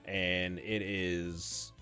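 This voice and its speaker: A man running a tabletop game as game master, narrating the scene in a relaxed, playful way. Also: low-pitched, drawn-out words, smooth, faint music behind.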